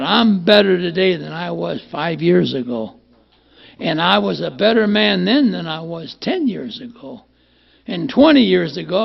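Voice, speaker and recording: A man's voice: sits high, vocal fry. An older man giving a plainspoken, rambling personal testimony at a recovery meeting, often repeating words as he goes. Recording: muffled lo-fi recording.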